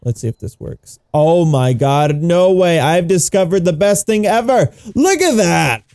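Male gaming commentator, excitable and giggly, mellow voice, wide pitch swings. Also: unhurried, no echo, studio quality. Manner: excitable, giggly, exclaims often. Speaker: gaming YouTuber. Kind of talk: casual gameplay commentary.

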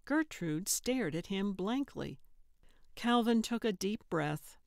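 Slow, gravelly woman narrating an audiobook. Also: medium pitch, no echo, studio quality. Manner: measured, even storytelling. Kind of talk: scripted narration.

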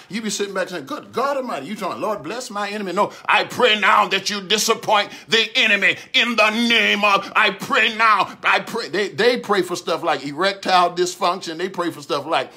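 A man preaching a livestreamed sermon, swinging from calm talk to shouted repeated prayers. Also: sits high, brisk, few pauses. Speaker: pastor.

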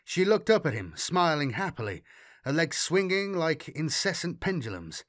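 A man narrating a grim sci-fi audiobook in an expressive storytelling reading. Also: on the high side, normal speed, no room sound, studio quality. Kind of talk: scripted narration.

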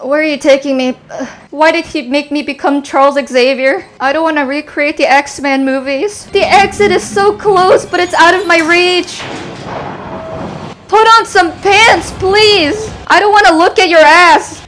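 At a measured pace and with a very high voice, a young woman narrates her horror gameplay, shrieking at jump scares and jokingly taunting the enemies. Loud game music plays beneath her, and there is slight background noise.

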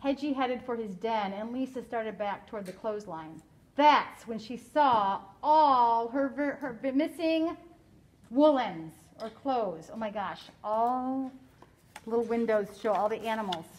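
A woman teacher reading a picture book aloud to children, animated, stopping to explain and ask questions in a classroom. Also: a little high, unhurried, poor audio.

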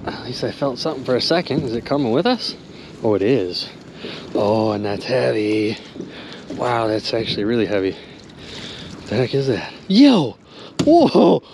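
Man, excitable outdoor vlogger, lively swooping pitch, casual, small river boat, faint outdoor noise. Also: measured pace, long pauses. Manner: excitable, loud exclamations, addresses viewers as you guys and dude. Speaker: magnet fishing vlogger. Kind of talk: excited outdoor vlog commentary.

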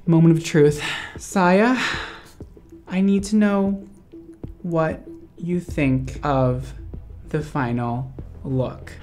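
A young man hosting a hair-styling vlog, chatting casually and gushing, with sudden high squeals of delight. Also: very slow, pauses often, darkish tone, faint music behind. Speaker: hairstylist and video host.

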